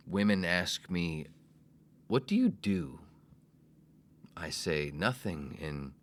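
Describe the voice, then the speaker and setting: A man in his forties hosting a solo comedy podcast, brash and self-mocking, swearing freely and swinging between loud bursts and whispers. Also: a bass voice. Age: 40s. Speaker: podcast host.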